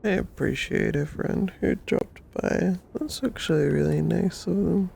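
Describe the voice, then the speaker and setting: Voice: medium pitch, a little slow, vocal fry, darkish tone, slightly rough. A livestreamer in sleepy, teasing casual chat, greeting viewers.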